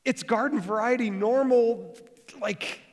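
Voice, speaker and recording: A male pastor preaching a sermon, talking fast and jokey, with animated bursts of energy. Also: very high voice. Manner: joking, conversational. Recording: long hall reverb.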